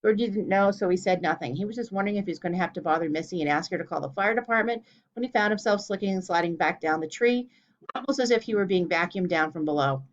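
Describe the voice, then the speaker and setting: A woman reading a children's storybook aloud in a clear, steady way. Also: lowish voice, fast talker. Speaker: narrator. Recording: dull lo-fi recording.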